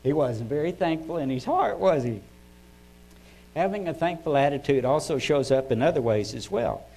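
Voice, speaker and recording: An older man giving a devotional talk. He speaks in a conversational, folksy way and often clears his throat. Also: fairly high pitch, animated, moderate pace, warm tone, poor audio.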